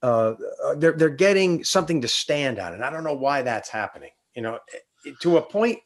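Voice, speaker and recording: A man's voice: on the high side, very animated, brisk. Musing male TV interviewer. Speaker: TV news interviewer. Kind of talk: casual interview chat.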